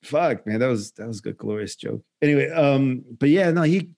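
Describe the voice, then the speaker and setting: A man in his forties casually chatting as a podcast co-host, telling an animated story with swearing and acted-out quotes. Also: medium pitch, moderate pace, creaky. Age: 40s. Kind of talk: casual chat.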